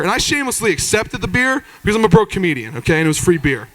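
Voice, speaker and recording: Animated, high-voiced male stand-up comic. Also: racing, dry recording, rough recording. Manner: profane, animated storytelling. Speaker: stand-up comedian. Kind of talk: live stand-up set. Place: comedy stage, live. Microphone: handheld stage microphone.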